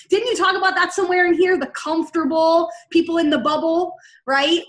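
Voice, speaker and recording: A woman's voice: extremely high pitch, steady tone, brisk, hardly any pauses. A woman podcast host asking a guest a long, rambling question and rephrasing it as she goes. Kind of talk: interview questions. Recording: echoey room.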